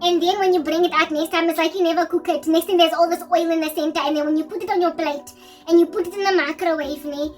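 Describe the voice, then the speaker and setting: Young South African woman, very high pitch, rambling and animated, drops local words. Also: fast, far from the mic, faint music behind. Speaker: Christian vlogger. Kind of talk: casual storytelling monologue.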